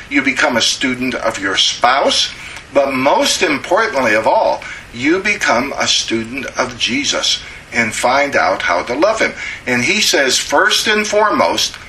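A middle-aged man teaches a Bible study in a conversational sermon style, asking rhetorical questions and pausing with frequent "uh"s. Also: medium pitch, sharp tone, a little hiss or hum, low-quality recording.

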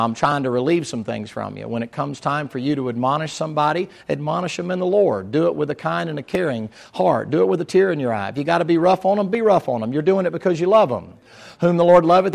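A man's voice: on the high side, gravelly. A man preaching a sermon, moving from folksy storytelling to fervent exhortation.

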